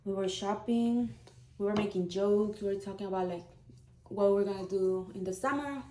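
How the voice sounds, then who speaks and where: A woman's voice: mid-range voice, moderate pace, warm tone, slight background noise. A woman in her thirties, a vlogger, telling a personal story in a candid, heartfelt, conversational way. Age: 30s. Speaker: vlogger, single mom. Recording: roomy echo.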